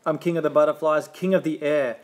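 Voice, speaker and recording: A man's voice: fairly high pitch, fairly even intonation, brisk, natural voice. Man doing a pompous bellowing turtle king. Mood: boastful bellowing. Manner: barking, bellowing, bossy.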